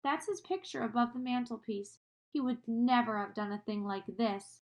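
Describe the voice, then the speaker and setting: A woman's voice: a little high, normal speed, darkish tone, dull audio, lightly acted. A woman voicing a gloomy, tearful male faun who talks in a sorrowful, sobbing way.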